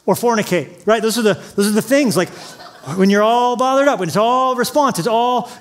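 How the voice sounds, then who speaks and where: Man, pastor, lively joking sermon, high voice, church auditorium. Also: a little fast. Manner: humorous, storytelling preaching with acted-out quotes.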